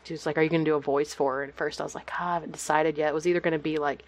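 A woman from Texas, a guest on a podcast over a video call, chatting casually with lots of fillers and quick laughs. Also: sits low, steady tone. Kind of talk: casual chat.

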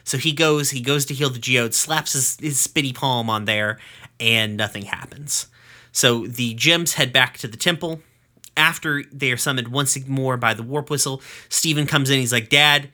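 A man with a very bright, forward voice talks through a cartoon episode on his podcast. He recaps in a loose, joking way, dropping swear words as he goes. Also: mid-range voice. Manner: swearing, jokey recap with quick acted quotes. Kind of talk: casual chat.

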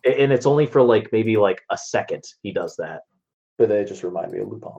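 A man's voice: fairly low pitch, lively intonation, fairly quick, gravelly, dark tone, muffled recording. A man chatting casually on a podcast about a cartoon episode, rambling with lots of restarts and fillers. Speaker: podcast co-host.

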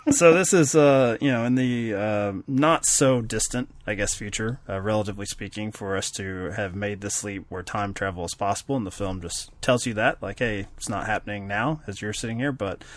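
A man's voice: on the low side, steady tone, normal speed, few pauses. A man co-hosting a podcast, chatting casually in a rambling, self-deprecating way with lots of fillers. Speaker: podcast co-host. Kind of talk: casual chat.

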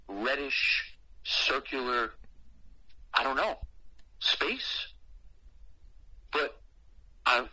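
A man's voice: mid-range voice, slightly rough, dry recording, low-quality recording. A man casually telling a personal story, profane and slangy, acting out what he said back then. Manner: profane, slangy and animated, acting out his own past words.

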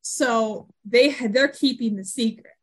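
A woman's voice: a little high, unhurried. A woman co-hosting a podcast, chatting casually about a TV episode and acting out characters' lines as she goes. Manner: animated, acts out lines from scenes. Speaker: podcast co-host. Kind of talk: casual chat recapping a TV episode.

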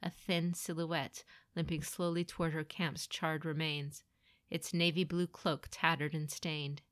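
A woman narrating a grim fantasy story in a dramatic, expressive reading. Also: deep voice, unhurried, no echo, clean studio sound.

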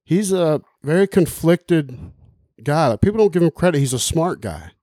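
A man's voice: a little high, expressive, moderate pace, dark tone, no room sound, clean studio sound. A man hosting a casual podcast chat, talking in a profane, rambling, emphatic way.

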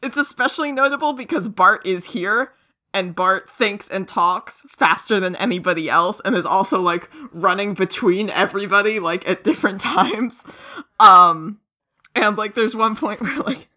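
Podcast co-host, giddy comics chat, filler-heavy rambling, phone-quality audio, mid pitch. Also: normal speed. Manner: rambling and excited, many fillers, acts out characters' lines. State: giddy, laughing through words. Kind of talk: casual chat. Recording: tinny phone-like line.

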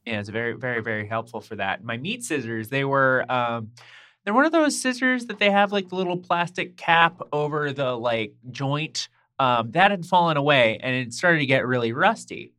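A woman co-hosting a casual podcast from home, chatting in a rambling way and getting loud when excited. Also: very deep voice, moderate pace. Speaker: podcast co-host. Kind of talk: casual chat. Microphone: home mic over a voice call.

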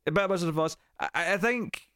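A man in casual podcast chat, recapping a TV episode in a rambling, animated way and acting out quotes. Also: sits high, quick pace, clear, resonant tone. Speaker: podcast co-host.

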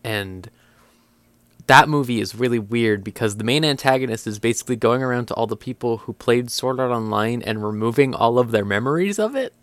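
A man's voice: mid-range voice, brisk, a bit bright, no room sound. A young man on a podcast, chatting casually and incredulously, with lots of filler words and swearing. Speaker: podcast co-host. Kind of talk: casual chat.

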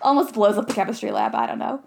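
A woman's voice: on the high side, huge pitch swings, fast, gravelly, darkish tone. A young woman co-hosting a podcast, casually recapping a movie with frequent laughs and fillers. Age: young adult. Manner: giggly, talks with many likes. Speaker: podcast co-host.

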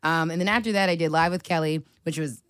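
Brief: low-pitched woman, 30s, chatty podcast guest, dry close sound. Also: fast, clean tone, no echo. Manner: animated storyteller, chatty. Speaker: podcast guest, media personality. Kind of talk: casual chat.

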